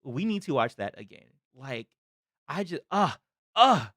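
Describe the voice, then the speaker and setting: A young man streaming a live reaction to a trailer. He is excitable, makes lots of exclamations and laughs often. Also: on the high side, unhurried, background noise.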